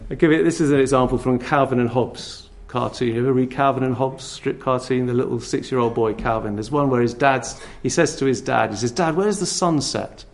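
A man preaching a sermon in a conversational, animated way, full of rhetorical questions. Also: mid-range voice, brisk, few pauses.

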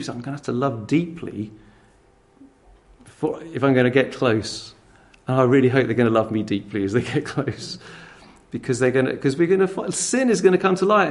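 Gravelly-voiced man preaching a sermon. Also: mid-range voice. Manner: conversational, with frequent restarts.

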